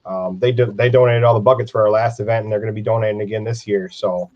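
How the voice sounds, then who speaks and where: A friendly American man chats on a livestream, pausing often with fillers. His voice sits a little low. The audio is muffled and lo-fi. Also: fairly even intonation, darkish tone. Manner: friendly, halting, with many fillers. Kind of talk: casual live-stream chat.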